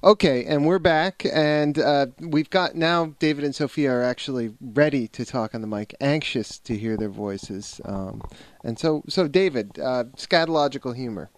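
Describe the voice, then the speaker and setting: A woman with a low, deep voice hosts a relaxed family podcast. She stops and restarts often, filling gaps with "um" and "uh." The sound is close and dry, with no room echo. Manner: halting, many fillers and restarts. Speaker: podcast host. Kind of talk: casual family podcast chat.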